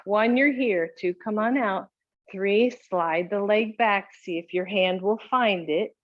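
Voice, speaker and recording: A woman's voice: medium pitch, slow, dull audio. A woman teaching a home yoga class, giving encouraging cues with a chatty manner and frequent light laughs.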